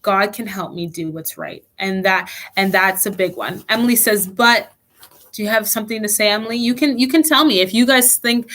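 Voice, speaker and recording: A woman's voice: medium pitch, brisk, a bit bright. Earnest woman leading a kids' lesson. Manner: earnest storytelling with frequent restarts. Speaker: children's church leader.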